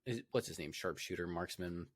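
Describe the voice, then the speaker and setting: A man's voice: deep voice, normal speed, dry recording, studio quality. A young man co-hosting a podcast, chatting casually and rambling with many fillers and restarts. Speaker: podcast co-host. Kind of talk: casual chat.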